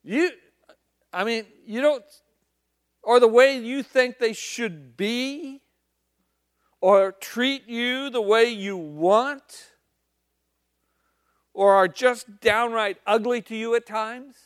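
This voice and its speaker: A man's voice: very high-pitched, slow pace, pauses often, clean tone, no room sound, studio quality. A man preaching a sermon in a conversational, emphatic storytelling manner.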